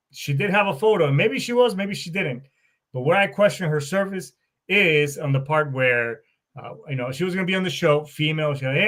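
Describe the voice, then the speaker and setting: Profane, animated middle-aged man. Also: on the high side. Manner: profane, animated, acts out both sides of conversations. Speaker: podcast host. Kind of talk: casual storytelling monologue.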